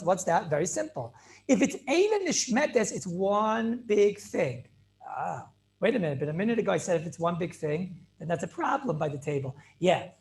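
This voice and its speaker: Animated rabbi teaching over a video call. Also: male voice, sits high. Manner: emphatic, repeats phrases, mixes Hebrew and Yiddish terms into English. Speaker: rabbi teaching a Talmud class. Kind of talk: animated Torah lecture.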